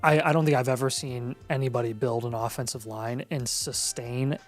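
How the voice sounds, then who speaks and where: A man's voice: medium pitch, steady tone, normal speed, faint music behind. A man co-hosting a live fantasy football Q&A, laid-back and advisory, now and then teasing. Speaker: podcast co-host.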